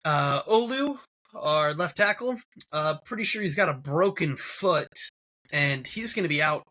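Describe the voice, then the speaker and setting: Casting: bright-toned New York man, sports podcast host who rants and swears constantly. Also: fairly high pitch, animated, unhurried. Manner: profane, ranting. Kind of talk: casual sports podcast chat.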